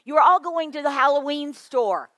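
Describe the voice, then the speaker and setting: A woman presenting a children's ministry workshop at a conference, talking to the audience in a lively, playful way. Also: sits high, moderate pace, dry recording.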